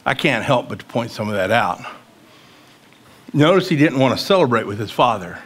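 A man's voice: medium pitch, sing-song, moderate pace, husky. Conversational man preaching a sermon. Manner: conversational, rises to emphatic questioning. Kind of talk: sermon with scripture reading.

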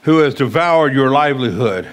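A man's voice: mid-range voice, expressive, moderate pace. A man preaching a sermon. He reads scripture aloud and talks plainly, with emphatic questions in places. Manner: conversational, rises to emphatic questioning.

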